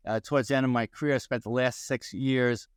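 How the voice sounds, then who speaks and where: This is an employment attorney in his sixties, a New Yorker by accent, speaking as a podcast interview guest. He talks fairly quickly in a medium pitch with a clear, resonant tone, full of energy, spinning stories and throwing out rhetorical questions. The audio is studio quality, free of any room sound.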